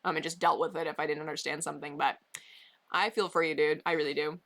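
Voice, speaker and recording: Woman, livestreamer, bright voice, rambling casual chat, lots of fillers, basement bedroom. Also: low-pitched, fairly even intonation, fast, vocal fry. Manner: chatty, rambling, many "um"s and "like"s.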